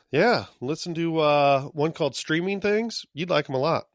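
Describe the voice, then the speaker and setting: A man's voice: a little high, animated, measured pace, no room sound, clean studio sound. A man co-hosting a podcast in casual chat, loose and profane, often laughing. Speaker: podcast co-host.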